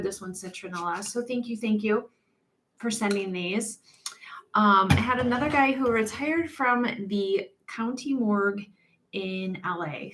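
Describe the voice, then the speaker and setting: A woman hosting a relaxed live stream as a mortician, her voice sitting at an everyday middle pitch. She chats in a loose, rambling way, full of small pauses and restarts, and often breaks into light laughter between thoughts. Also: noisy background. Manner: rambling with frequent ums and restarts. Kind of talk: casual live-stream chat.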